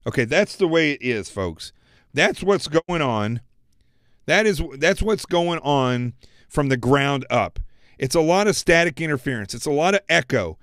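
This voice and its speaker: A man delivers a heated political monologue, speaking straight to "folks" at home. His voice sits a little high for a man, and the sound is close and dry, with no room around it. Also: animated, measured pace, fairly bright tone, no echo. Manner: fired-up, addressing viewers as folks. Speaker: political commentary show host.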